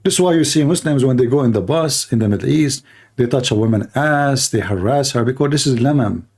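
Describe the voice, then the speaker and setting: A man hosting a confrontational livestream debate, talking emphatically and challenging his listeners, with a dry throat and frequent throat clearing. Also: medium pitch, a little fast, a little mellow. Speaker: debater and host.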